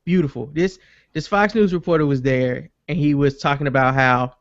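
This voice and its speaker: This podcast host is a man with a fairly high voice who speaks at a normal speed, chatting casually as he animatedly tells a story, swears without restraint, and acts out quotes. The sound is lo-fi, with no room sound.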